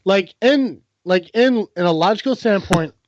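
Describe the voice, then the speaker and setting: A man's voice: high-pitched, expressive, normal speed, darkish tone, no room sound. A man co-hosting a podcast, telling a story in a casual, profane way and acting out what other people said. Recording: dull, dry lo-fi podcast audio.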